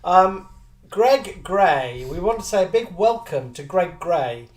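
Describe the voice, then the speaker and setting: A man's voice: high-pitched, distant mic. Chatty man, slightly off-mic. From Liverpool. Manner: chatty, animated, quick to laugh. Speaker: co-host of a live chat show. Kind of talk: casual chat reading viewer comments.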